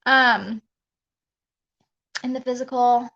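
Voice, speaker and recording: A woman's voice: on the high side, fairly even intonation, takes it slowly, gravelly, bright, forceful tone. Chatty woman on a dull live stream. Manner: chatty, rambling, laughs often. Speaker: spiritual coach. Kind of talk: casual live stream chat.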